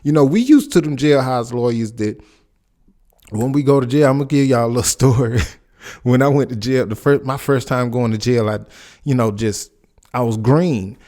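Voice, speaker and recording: A man in his forties talks into his podcast mic, loose and rambling as he comments and tells stories from his own life. His pitch sits mid-range for a man, and he restarts his sentences often as he goes. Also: moderate pace, warm tone. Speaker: podcast host. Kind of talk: casual commentary and personal storytelling.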